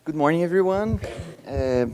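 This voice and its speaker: A young Brazilian man with a Brazilian Portuguese accent gives a conference talk in a hall, his voice on the high side, expressive and a little dark, at normal speed with a little hiss or hum. He jokes in a self-deprecating way and laughs between lines.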